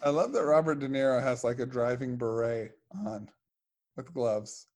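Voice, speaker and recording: A man bantering on a podcast in relaxed, casual chat, his voice at an everyday middle pitch. He riffs easily and tosses in playful asides. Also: moderate pace. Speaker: podcast co-host.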